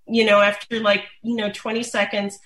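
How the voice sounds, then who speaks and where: A woman explaining dog massage in a relaxed, chatty way, with many fillers and restarts. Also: medium pitch, normal speed. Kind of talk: casual instructional talk. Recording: roomy echo.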